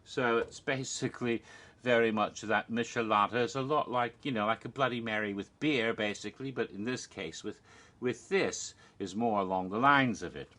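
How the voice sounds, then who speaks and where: A man's voice: mid-range voice, normal speed, pushed and bright. A man hosting a casual cocktail-making show, rambling through asides and punning, chuckling at his own jokes with mock alarm.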